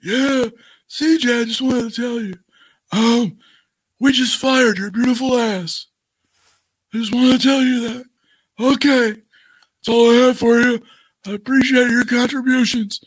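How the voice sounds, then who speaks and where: A man's voice: very high-pitched, steady tone, unhurried, pauses often, no echo, pitched above the performer's own voice. A man putting on a raised, falsely polite voice for a businesslike male executive. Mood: mock polite.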